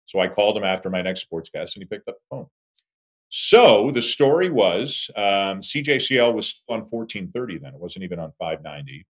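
A man in his fifties, a sportscaster, telling stories about his career as an animated interview guest. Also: fairly quick. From Toronto, Canada. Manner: animated storyteller, lively swings in pitch and volume. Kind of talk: conversational interview storytelling.

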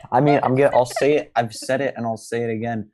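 A man co-hosting a casual fan podcast, easygoing and unhurried, often hedging his opinions. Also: medium pitch, darkish tone, slight background noise. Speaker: podcast co-host.

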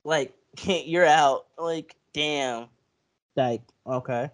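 Animated, profane woman retelling scenes. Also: low-pitched, very slow. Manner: animated storytelling, acting out quotes, profane, laughing often. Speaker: podcast co-host. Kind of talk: casual chat.

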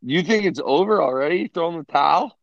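A man's voice: fairly high pitch, a little fast, vocal fry, no echo. Man, podcast co-host, casual banter, lots of swearing, dry close sound, dull lo-fi audio. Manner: profane, storytelling, animated.

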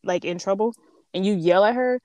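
A woman's voice: mid-range voice, fairly quick, dark tone, no room sound, lo-fi sound. A woman and mother speaking in a casual chat, blunt and emphatic, swearing freely. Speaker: podcast co-host and mother.

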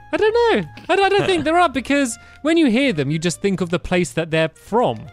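A man's voice: extremely high pitch, sing-song, moderate pace, faint music behind. A man co-hosting a casual podcast chat, hesitant with many restarts and frequent laughs. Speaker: podcast co-host.

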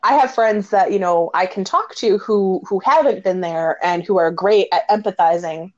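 A woman hosting a casual conversation, telling stories with lots of laughter and animated quoted dialogue. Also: medium pitch, moderate pace. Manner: animated storyteller, laughs often. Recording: dull lo-fi audio.

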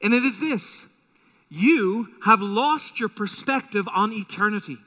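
A man preaching a sermon as pastor, animated and acting out quotes with a rising voice, in a church auditorium. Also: high-pitched, unhurried. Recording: long hall reverb.

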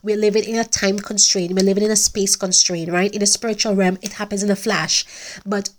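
A woman's voice: medium pitch, flat delivery, brisk. A middle-aged woman hosting a podcast, talking in an earnest, heartfelt way with many restarts. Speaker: podcast host. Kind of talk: casual faith-based podcast talk.

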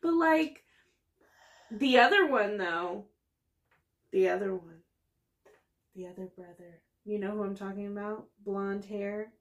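A woman co-hosting a podcast in casual chat, excitable, laughing and swearing freely. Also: medium pitch, measured pace, long pauses. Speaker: podcast co-host.

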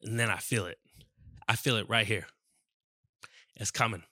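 Male podcast host, crisp bright voice, dry close sound; swears freely and acts out sound effects. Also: lowish voice, steady tone, a little fast, dry recording. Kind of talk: casual comedic storytelling.

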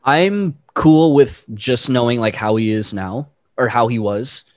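A man's voice: medium pitch, measured pace. A man in a casual chat, laid-back and a little hesitant, restarting his sentences and filling them with "like".

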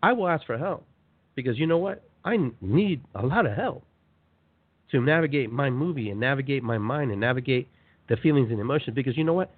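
A man hosts a spiritual self-help radio show, talking animatedly and looping back on his own phrases for emphasis. His voice sits at an ordinary middle pitch. It comes through a thin, tinny phone line. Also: lively intonation, brisk. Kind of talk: motivational spiritual monologue.

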